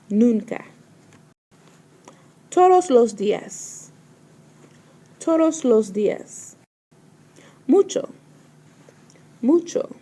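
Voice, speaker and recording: A woman's voice: on the high side, creaky, mellow. A woman teacher leading a vocabulary pronunciation lesson, saying each word carefully and repeating it. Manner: slow, careful pronunciation with words repeated twice.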